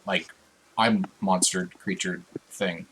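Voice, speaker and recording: A man's voice: sits low, fairly even intonation, slow, fairly bright tone, slightly rough, full character voice, poor audio. A man voicing a hesitant, polite young male adventurer in a tabletop game. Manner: hesitant, stumbling.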